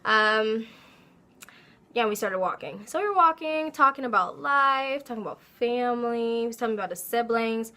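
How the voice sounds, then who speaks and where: A young woman telling a casual storytime, animated and laughing as she acts out her own quotes. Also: a little high, normal speed. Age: young adult. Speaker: vlogger.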